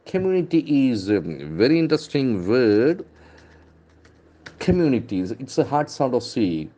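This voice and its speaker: An English trainer teaches pronunciation from newspaper headlines, and this man, who has an Indian English accent, repeats words slowly and spells each letter. His voice is medium in pitch, mellow and sing-song.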